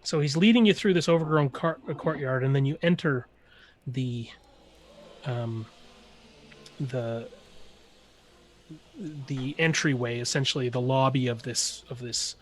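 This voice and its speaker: A man's voice: medium pitch, a little slow, pauses often. Man narrating a tabletop game. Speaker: game master.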